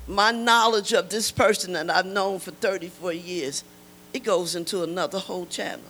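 A woman's voice: lowish voice, normal speed, a bit bright, poor audio. An older woman giving an emotional church testimony, emphatic and repeating key lines to urge her listeners.

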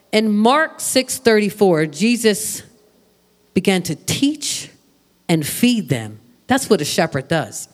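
A preacher delivering a sermon, talking animatedly to the congregation, often repeating words and asking questions. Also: medium pitch.

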